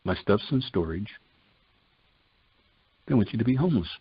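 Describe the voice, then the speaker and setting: A man's voice: lowish voice, animated, moderate pace, slightly rough, dry recording. An older man giving a personal testimony in a folksy way, retelling conversations line by line in quotes. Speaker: testimony speaker. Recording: dull lo-fi dry recording.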